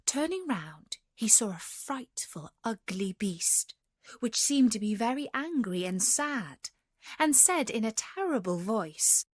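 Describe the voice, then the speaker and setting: A woman reading a fairy tale aloud as a gentle bedtime story. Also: fairly high pitch, big pitch swings, takes it slowly, dry recording, clean studio sound.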